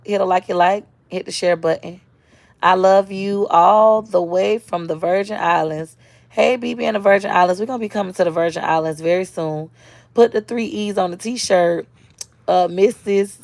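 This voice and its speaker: Blunt, gravelly woman on a live stream. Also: lowish voice, a little mellow, no echo. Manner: blunt, streetwise, reads and answers viewer comments. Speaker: social media creator. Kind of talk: casual live-stream talk.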